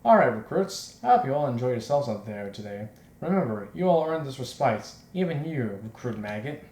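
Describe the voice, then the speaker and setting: Man doing a harsh drill instructor, loud barked insults, raised pitch, echoey room, faint noise. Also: very animated, a little fast. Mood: stern. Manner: barking, insulting orders.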